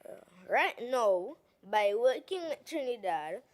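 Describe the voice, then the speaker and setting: A woman's voice: a little high, very animated, takes it slowly, darkish tone. A young woman giving a persuasive formal debate speech as an assembly member in a legislative chamber, posing rhetorical questions.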